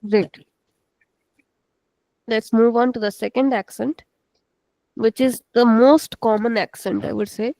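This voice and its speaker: A woman's voice: on the high side, fairly even intonation, warm tone, dry recording, low-quality recording. Patient woman teaching an online class. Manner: slow, patient, repeats words for students. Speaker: Portuguese language teacher. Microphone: video call.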